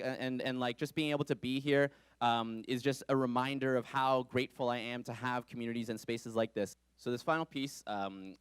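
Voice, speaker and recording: A man telling stories and performing spoken-word poetry live on a stage, talking in an animated way and acting out the people he quotes. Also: mid-range voice, clean tone, dry recording. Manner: animated, acts out quoted voices. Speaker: storyteller and spoken-word poet. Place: live stage before an audience.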